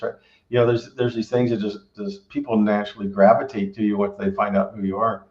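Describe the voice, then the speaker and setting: A man's voice: on the low side, flat delivery, brisk. A man who owns a barbecue restaurant gives rambling, casual advice and keeps tagging his sentences with "right?". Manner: rambling, filler-heavy, keeps asking "right?". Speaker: restaurant owner and pitmaster. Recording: roomy, dull lo-fi sound.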